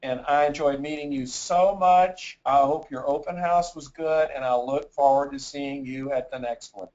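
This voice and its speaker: A man's voice: medium pitch, steady tone, normal speed, a little mellow, dull audio. A man giving a sales presentation in a webinar, stammering and repeating words as he gets wound up telling stories.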